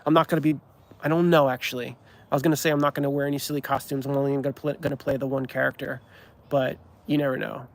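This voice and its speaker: A man's voice: mid-range voice, flat delivery, fast talker. A man, a comedy creator, chatting casually on a livestream, rambling with many restarts and ums. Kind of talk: livestream chat.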